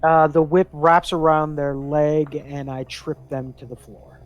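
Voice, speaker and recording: A man's voice: fairly high pitch, flat delivery, a little slow, soft background music. A man playing a tabletop game, chatting and eagerly explaining the rules. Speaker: player. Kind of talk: casual tabletop game chat.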